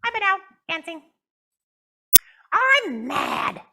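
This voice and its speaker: A sulky young girl puppet with a squeaky, strained voice, put on by a woman. She drags her words out in a pouty, insistent whine, far higher than an everyday voice. The tone is bright and sharp, and every line sounds indignant. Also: very animated, slow, a little hiss or hum, exaggerated voice.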